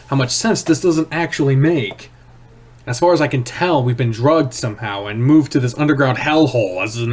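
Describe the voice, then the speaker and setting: Man, streamer, first-person horror narration, hushed, tense, mid-pitched voice. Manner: tense, hushed dramatic reading. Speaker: streamer reading a visual novel.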